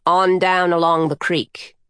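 Woman doing coyote trickster lady, crude and easygoing, blunt offhand talk, a bit higher than the storyteller. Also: little pitch movement, measured pace, fairly bright tone, clean tone, no echo, studio quality.

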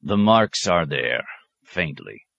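A man's voice: sits low, lively intonation, moderate pace, fairly bright tone, no room sound, full character voice. A man voicing a stern, sarcastic abbot who questions a novice with cutting mockery. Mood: severe. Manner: mocking, cutting, sometimes roaring.

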